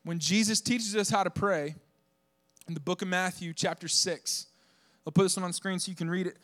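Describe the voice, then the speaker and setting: A young man from the southern United States preaching a lively sermon, joking with the congregation and shouting for emphasis. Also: sits high, normal speed. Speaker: pastor.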